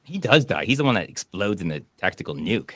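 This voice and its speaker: A man hosting a casual online stream, rambling and animated as he retells film scenes. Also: on the low side, a little fast. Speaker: podcast host. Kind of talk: casual stream chat about movies.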